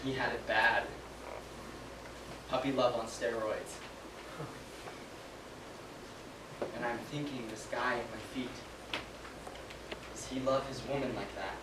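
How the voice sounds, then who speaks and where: Haunted young private, actor doing it, stage monologue, halting and hushed then yelling, echoey room, far mic, noisy. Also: mid-range voice, steady tone, natural voice. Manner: hushed and halting, breaking into frantic shouting. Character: young private haunted by sparing an enemy prisoner. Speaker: soldier recounting a war memory.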